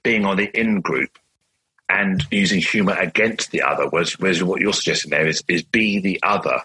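Male podcast host, very low voice, bright forceful tone, reflective. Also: a little fast, slightly rough, low-quality recording. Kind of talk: interview questions and reflection.

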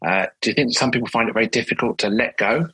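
A man's voice: mid-range voice, fast, pushed and bright, slightly rough, poor audio. A man hosting a podcast, asking questions and thoughtfully summing up his guest's points. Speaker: podcast host. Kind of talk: interview questions and reflection.

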